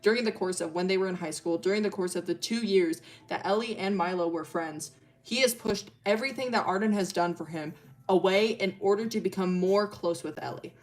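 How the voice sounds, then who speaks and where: Young female streamer, mid-pitched, loose and chatty storyteller who swears and giggles. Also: fairly quick. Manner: rambling, filler-heavy, swears and laughs often. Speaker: streamer telling character lore. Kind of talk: casual storytelling.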